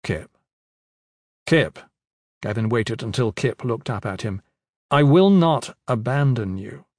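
A man doing a calm, commanding war leader. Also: mid-range voice, takes it slowly, dry recording, studio quality. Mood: reassuring. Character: grown male leader, steady, wry and commanding. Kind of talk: audiobook character voice.

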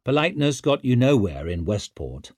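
A man reading a fantasy novel aloud in a vivid, expressive storytelling manner. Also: mid-range voice, normal speed, husky, dry recording, clean studio sound. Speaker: audiobook narrator. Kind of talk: scripted fantasy narration.

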